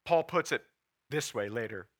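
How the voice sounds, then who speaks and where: A man's voice: medium pitch, animated, normal speed. A man in his forties preaching a sermon as pastor, earnest and emotional, at times holding back tears. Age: 40s. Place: church.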